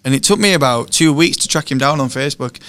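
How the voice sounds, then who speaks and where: A man in casual chat, talking in quick, halting bursts and restarting his sentences. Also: mid-range voice, expressive, a bit bright, clean tone.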